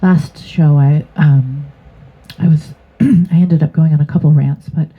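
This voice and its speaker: A woman's voice: deep voice, steady tone, unhurried, husky. A woman giving a casual tarot reading to her channel, rambling and hesitant with many fillers. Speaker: tarot reader. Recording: tinny phone-like sound.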